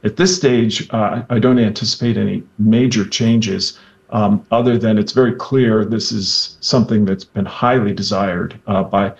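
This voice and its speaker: A man who is a state health director, answering interview questions on the radio haltingly, with many ums and uhs. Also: lowish voice, fairly even intonation, creaky, highs cut off.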